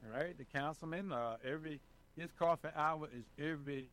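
A man being interviewed as a residents' advocate, talking in an animated, emphatic way and often checking in with the listener. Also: on the high side, a little fast, rough recording. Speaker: senior residents' advocate, guest. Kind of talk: casual interview talk.

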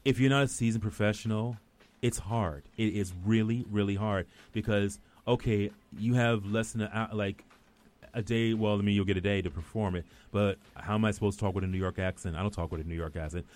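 Man, west indian accent, middle-aged, lowish voice, casual rambling chat. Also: fairly even intonation, brisk, a little mellow. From West Indies. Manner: rambling storyteller with many restarts. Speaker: actor and guest.

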